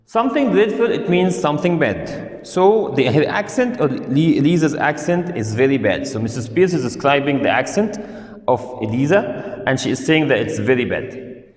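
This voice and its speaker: A man teaching an online literature lesson, reading quotes aloud and explaining them. He talks slowly and deliberately, rephrasing his points and filling pauses with "uh". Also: mid-range voice, expressive, a little mellow. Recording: roomy with a long echo.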